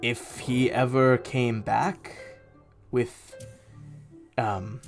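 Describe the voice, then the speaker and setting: A man's voice: mid-range voice, steady tone, very slow, vocal fry, soft background music. A man voicing a weary old ghost. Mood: subdued. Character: weary old male ghost, long restless.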